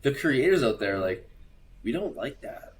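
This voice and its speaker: A young man who is a digital artist, speaking as a guest on a casual podcast. He talks excitedly, swears, and fills his speech with like and you know. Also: medium pitch, measured pace. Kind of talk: casual chat.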